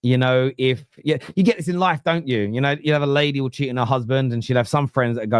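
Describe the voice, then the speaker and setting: This football podcast host, an East London man in his 30s with a London accent, is a blunt, animated storyteller who swears freely and acts out quotes in casual chat. He talks fast with few pauses in a smooth, medium-pitched voice, recorded dry and close with no room sound.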